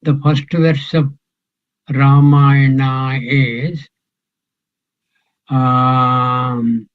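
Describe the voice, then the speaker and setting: Slow-speaking older man teaching scripture. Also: mid-range voice, little pitch movement, smooth, phone-quality sound. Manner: slow, musing, quizzes the class. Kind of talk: scripture class, question and answer.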